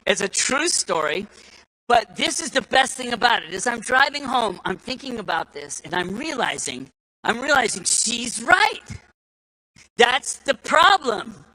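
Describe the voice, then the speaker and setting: A man's voice: very high-pitched, big pitch swings, moderate pace, bright, forceful tone, rough recording. A man giving a speech to a live audience, telling folksy stories with repeated restarts and acting out the voices he quotes. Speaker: speaker at a political summit.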